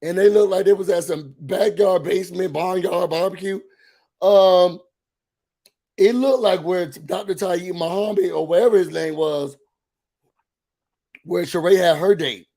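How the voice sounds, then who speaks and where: A man hosting a casual reality TV recap, gossipy and animated, talking straight to his viewers. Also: high-pitched, a little slow, long pauses. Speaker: reality show recap host.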